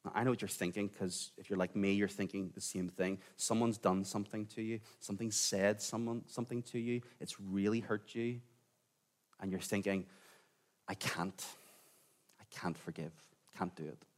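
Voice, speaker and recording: A man preaching a sermon in a conversational way, sometimes dropping to a quiet, intense tone. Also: lowish voice, steady tone, moderate pace. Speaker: pastor.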